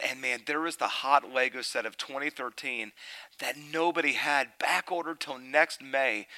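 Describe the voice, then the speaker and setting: In poor audio, a middle-aged man with a medium-pitched voice preaches a sermon. He shares a family story before growing loud and emphatic.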